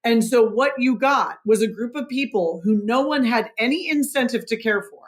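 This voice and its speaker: A woman's voice: a little high, normal speed. A woman author, a guest on a podcast interview, explaining history in an earnest, emphatic way.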